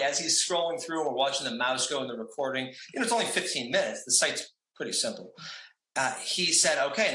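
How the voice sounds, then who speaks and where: A man's voice: mid-range voice, bright, forceful tone. A man being interviewed as a guest, talking casually with frequent laughs and fillers. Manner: chatty, laughs often, many fillers. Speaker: guest, trivia company owner. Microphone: video call setup. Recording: echoey room.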